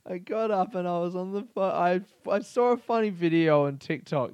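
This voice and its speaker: A man's voice: sits high, takes it slowly, pauses often, a little mellow, clean tone, no room sound. An Australian man hosting a casual solo podcast from a small bedroom, rambling, swearing freely and laughing often. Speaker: podcast host.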